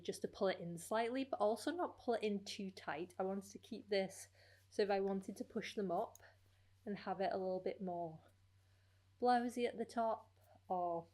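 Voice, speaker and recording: A woman hosting her knitting podcast in a casual, rambling chat, with many fillers along the way. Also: mid-range voice.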